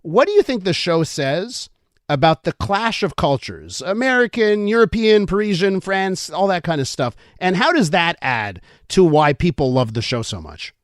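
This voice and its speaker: A male radio host in a studio, his voice a little high and recorded dry and close. He is eager and self-deprecating, quick to laugh with his guests. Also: very animated, dry recording. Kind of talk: radio interview.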